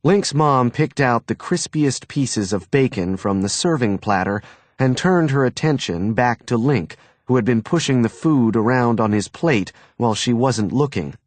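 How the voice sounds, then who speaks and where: Man, audiobook narration, expressive, animated pitch, dry. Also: measured pace, dry recording. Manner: expressive, storytelling.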